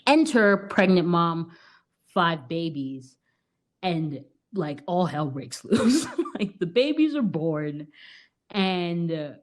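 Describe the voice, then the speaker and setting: A woman's voice: on the low side, very animated, slow. A woman co-hosting a podcast, casually summarizing a film plot in chatty talk with many fillers and frequent laughs. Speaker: podcast co-host.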